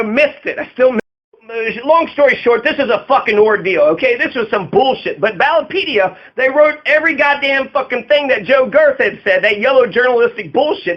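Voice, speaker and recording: Guy with a really high voice, swearing a lot and rambling about how he got wronged, kinda dull lo-fi sound. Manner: profane, aggrieved, rambling with many fillers. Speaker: political candidate. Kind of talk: angry monologue about his arrests.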